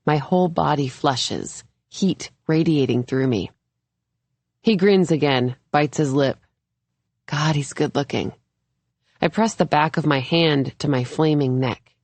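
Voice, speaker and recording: A woman reads a first-person thriller aloud at a slow, measured pace. Her voice sits low, and the close recording is dry, with no room around it. She lifts her tone a little for the characters' lines. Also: a little mellow, dry recording. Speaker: audiobook narrator. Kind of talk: scripted narration.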